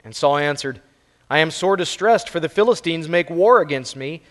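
A male pastor preaches from the pulpit, explaining the scripture verse by verse in a plain, conversational way. His voice sits a little on the high side, and it rings out with a long reverb through the church. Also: lively intonation, moderate pace, a bit bright. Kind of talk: sermon. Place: church sanctuary.

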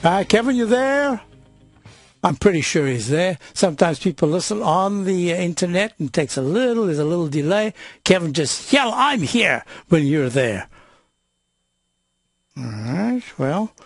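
A man's voice: on the high side, lively intonation, normal speed, no echo, faint music behind. A man hosting a radio show on stock trading, explaining charts in a rambling, casual way. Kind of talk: casual market commentary.

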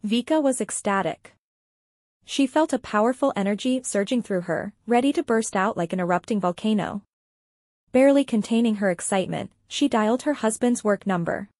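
A woman narrating a scripted story with a wry, lively storytelling manner. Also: mid-range voice, moderate pace, no room sound, clean studio sound.

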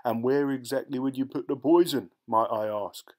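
A man's voice: medium pitch, steady tone, normal speed, darkish tone, natural voice. A man putting on a sly scornful ratcatcher. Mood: triumphant. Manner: rough working-class grammar, secretive and boastful.

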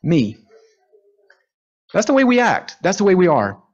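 Male teacher, fairly high husky voice, lively lecture style, dull lo-fi room recording. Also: a little slow. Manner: animated, asks the room questions, acts out quotes. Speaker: teacher leading a group class. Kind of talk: conversational classroom lecture.

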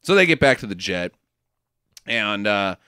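A man co-hosting a podcast, recapping a movie plot with excited disbelief and casual swearing. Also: fairly low pitch, unhurried, smooth, dry recording, clean studio sound. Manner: excitable, incredulous, swears freely. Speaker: podcast co-host.

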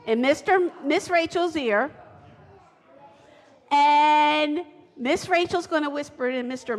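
Her voice sits high and a bit bright. In a church sanctuary, she runs a playful children's segment of the service, urging the kids to sit and join a game, picked up by a handheld or lapel mic with long reverb from the room.

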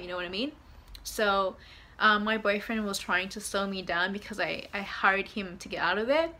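A young woman chatting excitedly in a casual travel vlog, telling stories and swearing now and then, filmed on a handheld phone. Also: medium pitch, slight background noise. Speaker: vlogger. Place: out and about, shops and hotel room. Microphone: handheld phone camera.

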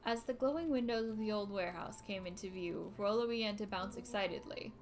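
A woman's voice: medium pitch, brisk, soft background music. A woman streamer reading a game's text aloud, with casual, playful asides.

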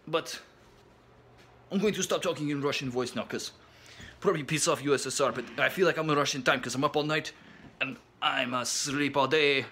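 A man's voice: a little high, brisk, long pauses, pushed and bright, slightly rough. Foul-mouthed man in a rambling rap rant. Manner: crude, jokey, rambling, swears constantly.

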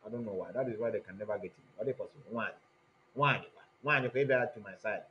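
A man with a Nigerian accent hosting an online commentary stream, talking in an animated way and switching between Igbo and English mid-sentence. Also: lowish voice, quick pace, a little hiss or hum. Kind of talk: livestream commentary. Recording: dull lo-fi audio.

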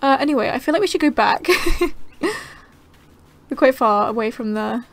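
A young woman giving casual, excitable gameplay commentary, gasping and chattering to the creatures on screen. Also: fairly high pitch, normal speed. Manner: bubbly, gasping, easily excited. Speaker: gaming channel host.

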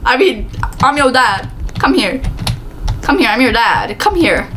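A woman voicing a playful, taunting killer who hunts children in a game, shouting mock threats over loud keyboard clicks. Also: fairly high pitch, sing-song, a little slow, a little hiss or hum, voice pushed down.

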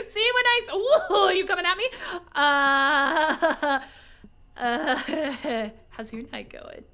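A woman streaming a game live from home, excitable and jokey, swearing and laughing often as she talks to chat. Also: high voice, slow pace. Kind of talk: live gameplay commentary.

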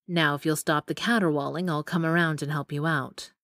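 A woman voicing a gruff male wilderness survivalist who teases and gives orders. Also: deep voice, fairly even intonation, fairly quick, fairly bright tone, no echo, clean studio sound. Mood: stern.

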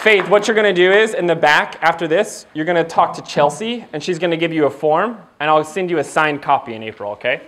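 Animated, joking male keynote speaker. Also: on the high side, a little fast, few pauses, slight background noise. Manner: animated and jokey, acts out quoted dialogue. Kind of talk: motivational keynote storytelling. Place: event hall before a live audience.

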